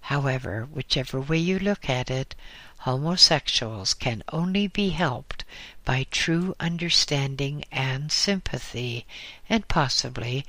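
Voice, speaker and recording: Slow, bright-toned male narrator. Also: medium pitch, animated, dry recording. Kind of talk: audiobook reading.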